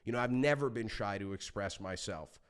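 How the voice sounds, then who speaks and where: A man talking as a podcast guest, telling stories in a passionate, animated way and swearing freely. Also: lowish voice, a little fast, smooth. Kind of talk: casual interview talk.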